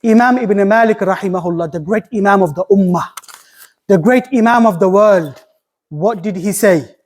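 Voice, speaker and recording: A man giving a Friday sermon, preaching with passion and repeating key phrases, sometimes reciting Arabic quickly. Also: high voice, darkish tone. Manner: impassioned, repetitive preaching with rising emphasis.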